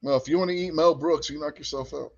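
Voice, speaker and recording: Sarcastic man, fairly high voice. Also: steady tone, quick pace, no echo, muffled recording. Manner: sarcastic, teasing, laughs often. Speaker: podcast co-host. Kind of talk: casual chat.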